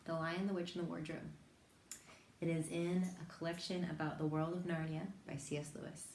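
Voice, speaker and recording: Low-voiced woman reading a storybook aloud. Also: flat delivery, fairly quick, a little mellow. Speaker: reader. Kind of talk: reading a children's novel aloud. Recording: echoey room, faint background hiss.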